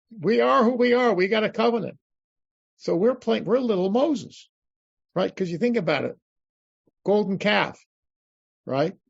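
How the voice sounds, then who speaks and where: An older man, a rabbi, teaching a class over a video call, animated, acting out pleas to God with many restarts. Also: high-pitched, creaky, slightly rough, no echo. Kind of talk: animated lecture. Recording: dull lo-fi video call audio.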